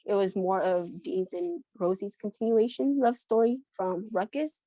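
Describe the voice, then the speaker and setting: A woman's voice: mid-range voice, normal speed, dark tone, dry recording. A woman co-hosting a book podcast in casual chat, talking with many restarts and frequent laughs. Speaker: podcast co-host.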